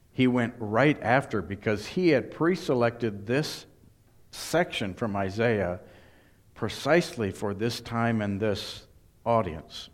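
A man preaching a sermon, emphatic and deliberate, now and then voicing what the crowd thinks. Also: mid-range voice. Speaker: pastor.

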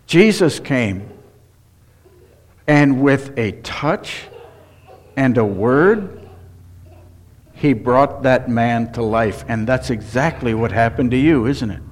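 A male pastor delivering a sermon at an unhurried pace, in a voice of ordinary middle pitch. He speaks earnestly and with emphasis. He keeps turning to the listeners with direct questions. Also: animated, slight background noise.

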